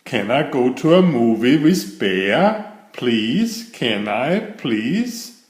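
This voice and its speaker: Storybook boy turtle voiced by a man, high squeaky voice, eager, lively swoops, echoey room. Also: drawn-out words. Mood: pleading. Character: excited young boy turtle.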